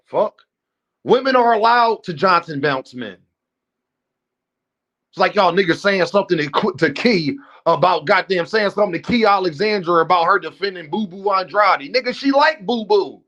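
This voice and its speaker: A man's voice: high voice, lively intonation, normal speed, fairly bright tone. A man hosting a livestream, ranting bluntly and profanely and talking straight to his chat. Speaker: livestream host. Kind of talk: unscripted livestream rant.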